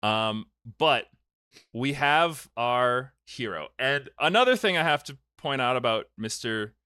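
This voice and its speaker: Young man, podcast host, animated storyteller, bright tense voice, dry close sound. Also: mid-range voice, unhurried, clean tone, dry recording. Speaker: podcast host recapping a film. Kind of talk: casual comedic chat.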